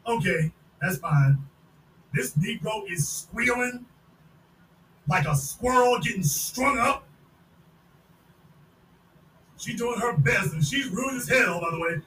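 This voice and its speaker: A man hosts a podcast, loudly mocking a video and repeating himself for effect. His voice is very high and bright. He sounds distant in an echoey room with faint noise behind. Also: lively intonation, a little slow. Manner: mocking, loud, repetitive. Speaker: podcast host. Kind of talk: casual commentary on a video.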